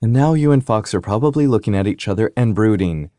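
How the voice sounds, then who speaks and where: A man's voice: on the low side, lively intonation, fast, mellow, no room sound, pitched above the performer's own voice, natural voice. A man voicing a cheerful, teasing young woman in an audiobook, a playful sister. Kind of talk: audiobook character reading.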